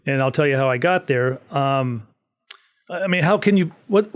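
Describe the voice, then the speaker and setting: A man's voice: on the high side, moderate pace. A middle-aged man, a podcast guest, telling a story in casual chat and acting out the quotes. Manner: animated storyteller, acts out quotes.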